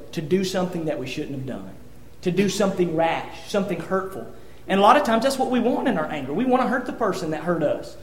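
A man preaching a sermon, earnest and conversational, often restarting his sentences as he reads scripture. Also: high voice. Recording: echoey room.

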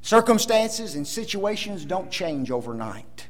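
Male preacher, high voice, very lively intonation; emphatic sermon delivery with rhetorical questions and sudden hushed asides. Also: moderate pace, few pauses. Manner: swings between loud emphasis and hushed asides.

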